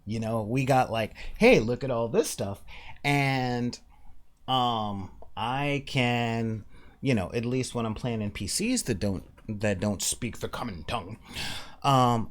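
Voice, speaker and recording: Emphatic man talking about tabletop games. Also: fairly low pitch. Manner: animated, emphatic, slips into quick mock voices. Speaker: podcast host. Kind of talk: casual monologue on tabletop gaming.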